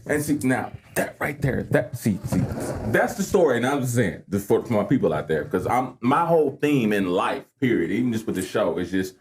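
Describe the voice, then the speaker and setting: A man's voice: mid-range voice, big pitch swings, a little hiss or hum. A man hosting a podcast, chatting casually and encouraging his guest with short affirmations. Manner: quick affirmations, laid-back and encouraging. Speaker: podcast host. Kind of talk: casual chat.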